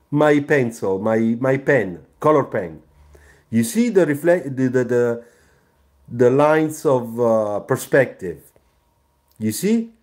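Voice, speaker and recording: Male design teacher; slow, lively delivery, keeps asking "you see?". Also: a little high. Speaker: car designer teaching sketching. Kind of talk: live drawing tutorial.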